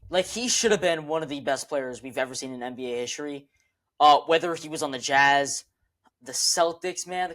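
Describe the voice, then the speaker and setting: A man's voice: a little high, moderate pace, a bit bright. Emotional rambling man co-hosting sports chat. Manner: emotional, rambling, repeats himself. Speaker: podcast co-host.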